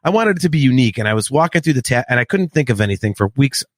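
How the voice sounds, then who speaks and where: A man in his late forties co-hosts a casual podcast and tells stories with animated energy, laughing often. His voice sits at a middle pitch. The close, dry recording has no room sound. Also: racing, dry recording. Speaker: podcast co-host. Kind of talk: casual chat.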